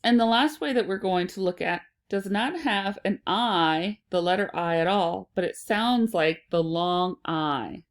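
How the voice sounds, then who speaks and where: A woman teaching a phonics lesson to children, sounding out and repeating words slowly and deliberately. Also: on the low side.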